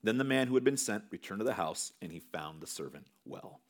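A man in his thirties preaching a sermon, earnest, swinging between loud emphasis and hushed, quiet lines. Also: lowish voice, expressive, brisk. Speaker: pastor.

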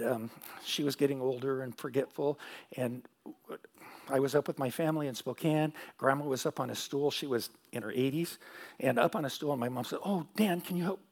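Gravelly, animated man preaching. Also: medium pitch. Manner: animated storytelling preacher, rhetorical questions, repeats phrases. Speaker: pastor. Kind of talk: sermon.

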